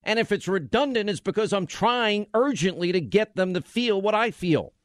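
A man's voice: high-pitched, expressive, normal speed, dry recording. Ranting male radio host, dry studio sound. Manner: forceful, exasperated ranting. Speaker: radio talk show host. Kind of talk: talk radio monologue. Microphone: studio microphone.

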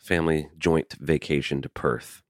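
A man's voice: a bass voice, level tone, moderate pace, no echo, studio quality. A man co-hosting a casual chat, throwing in teasing, wry questions.

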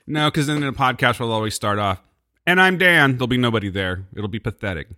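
A man's voice: lowish voice, quick pace, fairly bright tone, no echo. A man co-hosting a podcast in casual chat, easygoing and joking with frequent laughs. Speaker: podcast co-host.

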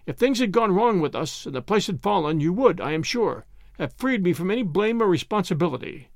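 A man's voice: high-pitched, lively intonation, fairly quick, vocal fry, dry recording, studio quality. A man voicing a solemn, proud German army colonel speaking formally.

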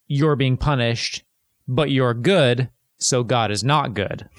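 A man's voice: medium pitch, takes it slowly, no room sound. A man co-hosting a casual comedy podcast, reading out passages with dry amusement. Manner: reads scripture excerpts aloud with dry amusement. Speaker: podcast co-host.

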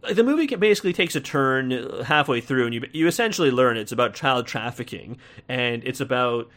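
A man's voice: mid-range voice, lively intonation, brisk, fairly bright tone. A man with an American accent giving a casual, rambling film review, full of fillers and restarts, with wry laughs.

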